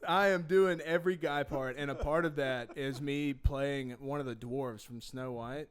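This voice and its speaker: A man's voice: medium pitch, normal speed, smooth. A man from Alabama, a podcast guest, telling funny stories with lots of laughter. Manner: animated, laughing storyteller. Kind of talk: casual storytelling.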